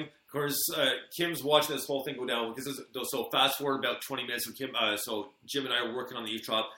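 A man hosting a live online show, telling lively anecdotes in casual chat and acting out the lines of the people in them. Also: medium pitch. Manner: animated anecdotes, acts out quoted lines. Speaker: host. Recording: echoey room with faint noise.

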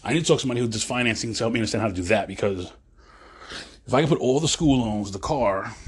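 His voice is fairly low and breathy, and he races along: a male podcast host in his forties, pacing through a casual, meandering monologue. He breaks off mid-phrase frequently and calls the audience "folks."

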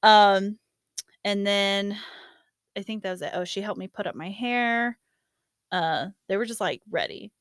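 A woman's voice: medium pitch, measured pace, long pauses, smooth, no echo, studio quality. A young woman telling a long personal story in casual chat, laughing often and acting out what others said. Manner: laughing storyteller, lots of fillers, acts out quotes.

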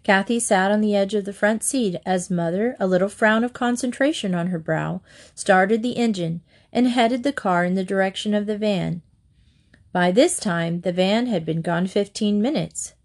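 Woman, narrator, children's book read-aloud, steady, expressive. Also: medium pitch, normal speed.

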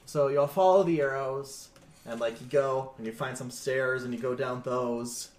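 A man's voice: mid-range voice, fairly even intonation, normal speed. A man running a tabletop game as game master, narrating in a laid-back way with chuckles and sound effects. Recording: echoey room.

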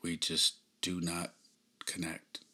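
A man in his thirties hosting a podcast, telling a personal story in a subdued, halting way with frequent sighs. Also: deep voice, monotone, bright, forceful tone, husky. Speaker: podcast host.

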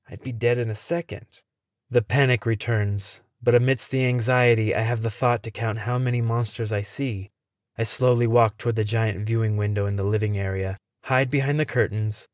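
Male narrator for a short horror audio story: suspenseful and hushed, mid pitch, dry studio sound. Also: no room sound. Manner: tense, suspenseful reading with hushed drops.

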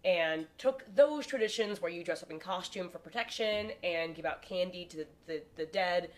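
A woman's voice: lowish voice, moderate pace. Chatty young woman podcast host. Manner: chatty, laughs often, many "like" fillers. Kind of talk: casual chat.

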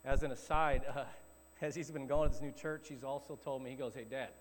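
A man's voice: medium pitch, fairly even intonation, fairly quick, big-room sound, a little hiss or hum. A middle-aged man, a pastor, preaching a sermon in a conversational, storytelling way. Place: church hall.

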